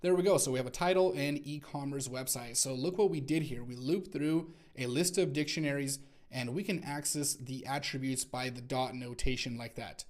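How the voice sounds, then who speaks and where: A man's voice: medium pitch, moderate pace. A man teaching a coding lesson in a screencast, talking through each step as he types and correcting himself along the way. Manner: talks through typing step by step, self-correcting. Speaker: programming instructor.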